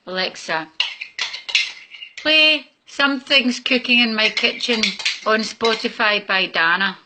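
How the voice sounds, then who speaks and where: A woman's voice: fairly high pitch, slow pace, noisy background. A Scottish woman in her kitchen, swearing at a voice assistant in exasperation. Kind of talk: casual talk at home. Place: home kitchen while cooking.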